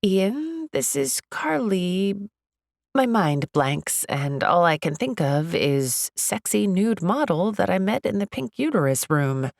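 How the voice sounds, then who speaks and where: Woman reading a romcom audiobook in first person, low creaky voice, chatty and expressive, dry close mic. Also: unhurried, hardly any pauses, dry recording. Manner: expressive, chatty, lively inner monologue. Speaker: audiobook narrator.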